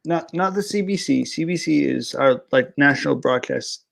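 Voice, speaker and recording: A man's voice: on the high side, moderate pace, gravelly. A man from Canada, an easygoing guest chatting casually on a podcast. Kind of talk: casual chat.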